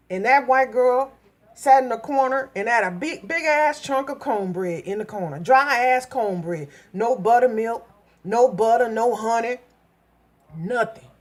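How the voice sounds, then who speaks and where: A middle-aged woman from Minnesota telling a story in a blunt, profane, animated vlog rant. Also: a little high. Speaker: vlogger.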